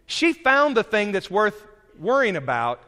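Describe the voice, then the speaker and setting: A calm, gentle Jesus who speaks patiently and never scolds, as a male preacher quotes him. The voice sits high and bright, and a long hall reverb trails each phrase. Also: measured pace, full character voice.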